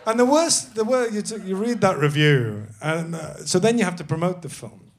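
Guy guest on a live podcast, bit high voice, laughs through his stories. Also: expressive, moderate pace. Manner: laughing storyteller, self-deprecating. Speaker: actor guest. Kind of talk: casual anecdote on a live comedy podcast.

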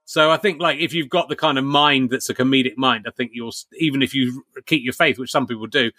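A man's voice: medium pitch, fast, bright, forceful tone, dry recording. A man hosting a comedy podcast, musing casually and chuckling between points. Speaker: podcast host.

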